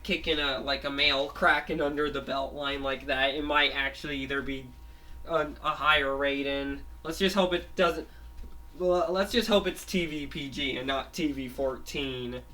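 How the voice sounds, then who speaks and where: Brief: man with a raised, bright voice, improvising a story in a halting, filler-heavy ramble, set back from the mic. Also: fairly high pitch. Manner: halting, full of fillers and restarts; keeps revising with "let's say". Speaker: storyteller making up a show plot. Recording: voice a bit far from the mic.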